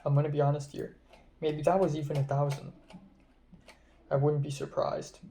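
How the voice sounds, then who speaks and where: A young man recounts his day to the camera in a loose, rambling vlog diary, often correcting himself mid-story. His voice sits a little high, and it sometimes drops to a low mumble. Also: monotone, moderate pace, gravelly, dark tone. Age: young adult. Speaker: vlogger.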